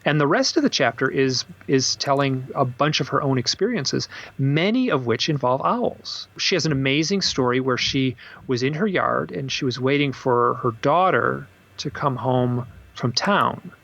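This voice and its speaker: A man with a gravelly, husky voice tells stories in an interview, and his pitch jumps up when he acts out what people said. The recording sounds dull and slightly lo-fi. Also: normal speed, hardly any pauses. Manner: animated storyteller, acts out quotes with bursts of high pitch. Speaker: author and guest. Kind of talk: storytelling in a podcast interview.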